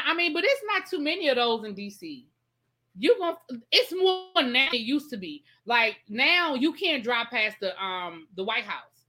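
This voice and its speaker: Bright-voiced woman hosting a chatty live stream. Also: medium pitch, lively intonation, moderate pace. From Washington, D.C. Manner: chatty, explains patiently, reads out viewer comments. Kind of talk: casual live-stream chat.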